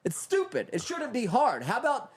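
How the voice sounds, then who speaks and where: A man's voice: extremely high pitch, wildly swooping pitch, normal speed, slightly rough. A man co-hosting a casual talk show, ranting heatedly and profanely. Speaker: podcast co-host. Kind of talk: casual comedic rant.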